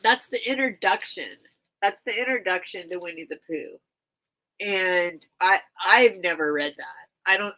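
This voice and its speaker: A woman's voice: fairly low pitch, creaky, pushed and bright, low-quality recording. A woman hosting a casual livestream, reading a children's book aloud and rambling between pages, teary and close to crying. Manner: rambling, chatty, heavy on "like" fillers. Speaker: livestream seller.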